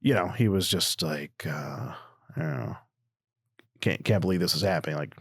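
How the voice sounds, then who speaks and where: A man's voice: moderate pace, gravelly, breathy edge, dry recording, clean studio sound. Casual man with a cartoonish voice. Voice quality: high, cartoonish voice. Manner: animated, acts out quotes. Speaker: podcast guest, predator catcher. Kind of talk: casual storytelling.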